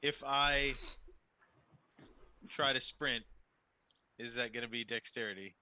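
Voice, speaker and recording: A man's voice: mid-range voice, slow pace, pushed and bright. A man playing in a tabletop role-playing game, joking and chatting casually with the group. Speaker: player. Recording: noisy home mic with clicks.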